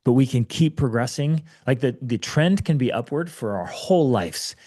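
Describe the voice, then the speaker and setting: Man, forties, interview guest, mellow low-toned voice, emphatic, storytelling, urging. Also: animated, normal speed. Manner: emphatic storyteller, urgent and preachy. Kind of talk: conversational interview.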